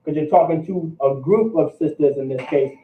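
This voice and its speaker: A man's voice: a little high, normal speed. A man teaching a language class, repeating words and often checking in with his students. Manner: repetitive, checks in with "all right?". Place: classroom or meeting room. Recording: roomy, distant, phone-like sound.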